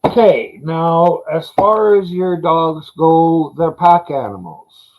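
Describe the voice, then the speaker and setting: Laid-back man with a mellow voice. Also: fairly high pitch, slow, poor audio. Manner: laid-back, profane storytelling. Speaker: dog owner telling stories. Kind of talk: casual chat.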